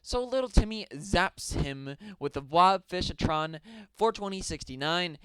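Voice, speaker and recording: A man's voice: high-pitched, sing-song, unhurried, fairly bright tone, clear, resonant tone, dry recording, low-quality recording. A young man reading out a silly story with mock drama and rambling asides.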